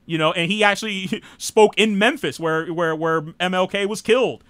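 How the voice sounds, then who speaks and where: Bright high-voiced American man, rambling talk. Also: normal speed, clear, resonant tone, no echo. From United States. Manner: rambling, frequent "you know", blunt and irreverent. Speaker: host. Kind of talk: casual live political talk.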